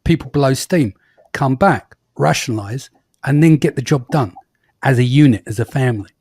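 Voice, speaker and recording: A man's voice: medium pitch, moderate pace, a little mellow, breathy edge, no echo, clean studio sound. A man hosting an interview, blunt and swearing, often asking for agreement. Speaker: podcast host. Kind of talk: casual interview talk.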